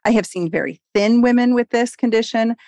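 A woman in her forties, a doctor guest on a podcast interview, talking in an animated, emphatic way. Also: on the high side, brisk, no room sound, studio quality. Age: 40s.

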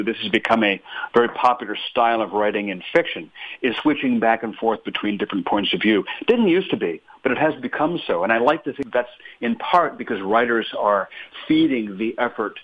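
A man speaks as a guest author on a radio show. His thinking-aloud delivery is animated and full of small self-corrections. He comes through a narrow, tinny phone line. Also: mid-range voice, a little fast. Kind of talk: radio interview.

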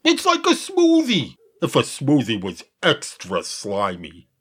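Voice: mid-range voice, huge pitch swings, unhurried, slightly rough, exaggerated voice. An actor voicing an earnest, cheerful sea creature warrior who is new to the surface, in a comedy audio play.

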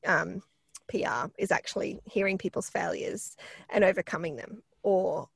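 Croaky-voiced woman, chatty and rambling. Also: lowish voice, expressive, moderate pace, dry recording. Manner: chatty, rambling, many fillers and restarts. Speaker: PR expert guest. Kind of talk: casual podcast interview.

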